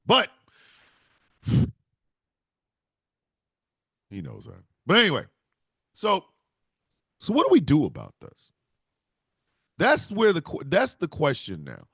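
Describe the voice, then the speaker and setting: Male podcast host, gravelly and lively, rambles heartfelt off the cuff, dry close sound. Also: fairly high pitch, takes it slowly, long pauses, no room sound. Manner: rambling and heartfelt, with frequent restarts. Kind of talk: casual solo talk.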